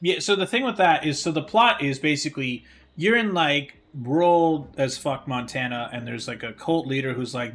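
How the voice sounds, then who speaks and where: A man chatting casually on a live stream while he plays. He rants in an exasperated, profane way, and his voice sits a little higher than most men's. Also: normal speed, hardly any pauses, a bit bright. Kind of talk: casual livestream chat while gaming.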